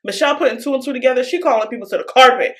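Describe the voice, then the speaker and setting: Speaking very fast in a high-pitched voice, a woman co-hosting a podcast casually recounts a reality show. She's an animated storyteller who acts out quotes and laughs frequently.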